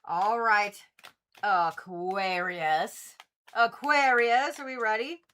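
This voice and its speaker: A Reiki practitioner and tarot reader does casual zodiac card readings on a livestream, speaking straight to viewers in a chatty, blunt way and swearing freely. Her mid-range voice is expressive and sharp-toned, and she speaks unhurriedly.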